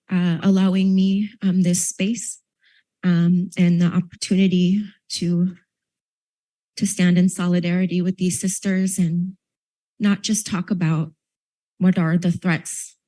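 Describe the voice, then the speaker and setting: Earnest woman panelist, somewhat low voice. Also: dark tone, rough recording. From Minnesota, United States. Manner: earnest, emotional, slightly choked up. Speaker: panel speaker. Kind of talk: public panel talk. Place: panel event at a university.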